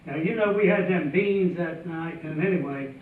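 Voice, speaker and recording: A man with a high, voice spins a tall tale in a folksy, chuckling manner. He sounds thin and tinny, as if heard over a phone. He is picked up from well back in an echoey hall. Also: normal speed, distant mic, a little hiss or hum. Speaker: storyteller. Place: festival stage before an audience.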